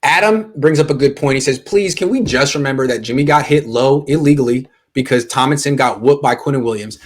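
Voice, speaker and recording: A man's voice: medium pitch, fairly quick. A young adult man from the United States hosting a casual sports chat, reading viewer comments aloud and joking. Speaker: podcast host. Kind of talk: casual live-stream chat.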